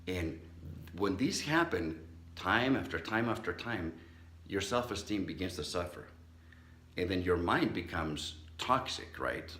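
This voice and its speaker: A man's voice: deep voice, animated, unhurried, a bit bright, roomy sound. A middle-aged man, a psychologist, giving a motivational talk and telling a personal story, acting out the voices he quotes. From Southern California. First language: not English.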